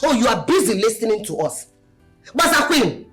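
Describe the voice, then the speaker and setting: A middle-aged Nigerian village mother questions her daughters in a probing tone. Her voice moves a lot in pitch. Faint film music plays in the background. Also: big pitch swings, normal speed, a bit bright. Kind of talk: Nollywood film acting.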